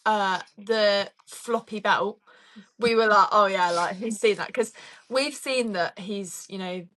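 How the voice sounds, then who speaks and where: A young woman with a bright, sharp-edged voice co-hosts a casual podcast. She tells stories in a chatty way, and her voice drops low and quiet as she explains things. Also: slow. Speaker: podcast co-host. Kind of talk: casual chat.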